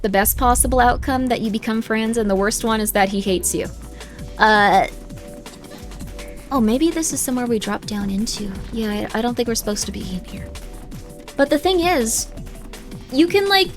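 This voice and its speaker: A woman streamer chatting casually while playing a game, rambling with lots of filler words. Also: on the high side. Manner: rambling, heavy use of 'like'. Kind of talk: casual gaming livestream chat. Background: faint game music.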